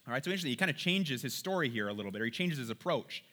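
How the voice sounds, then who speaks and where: A man leading a casual Bible lesson, chatty and animated, acting out the people in the story. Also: medium pitch, rapid-fire. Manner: chatty, animated, acts out quotes. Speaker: Bible study teacher.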